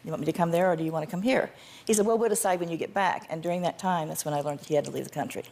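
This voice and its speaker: A woman's voice: on the low side, racing, gravelly, a little mellow, a little hiss or hum. An older woman, a guest on a talk show, who answers in a curt, defensive and insistent way. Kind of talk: studio interview.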